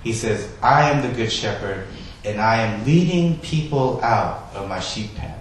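A man preaching a sermon, stressing key words loudly and then dropping to a soft, quiet delivery. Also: lowish voice, lively intonation, unhurried, a little hiss or hum. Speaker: pastor. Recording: echoey room, voice from a distance.

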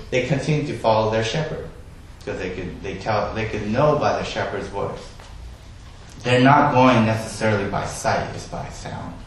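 A man preaching a sermon, stressing key words loudly and then dropping to a soft, quiet delivery. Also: mid-range voice, a little hiss or hum. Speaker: pastor. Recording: echoey room, voice from a distance.

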